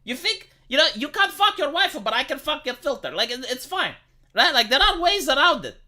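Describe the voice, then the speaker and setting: A Romanian man rants casually to his live-stream viewers in a very high-pitched, sing-song voice, fairly quick and sharp in tone. He swears freely. When worked up, he stammers and repeats words.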